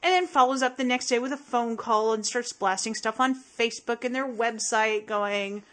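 A woman's voice: fairly high pitch, moderate pace, a bit bright. A woman co-hosting a casual podcast chat, emphatic and blunt, swearing freely. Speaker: podcast co-host.

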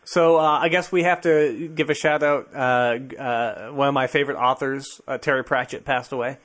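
A man's voice: medium pitch, fairly even intonation, normal speed, a bit bright. A man hosting a podcast, talking casually and conversationally, easily amused. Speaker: podcast host.

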